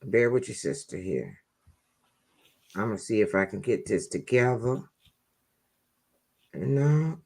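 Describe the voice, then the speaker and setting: A woman's voice: extremely low pitch, expressive, takes it slowly, gravelly, pauses often, a little mellow. A woman vlogger casually telling viewers a personal story in a chatty, folksy way.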